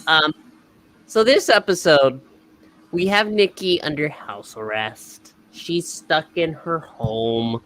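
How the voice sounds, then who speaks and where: Male host, slightly high voice, rambling casual reviewer. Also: slow, sharp tone. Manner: rambling, many fillers.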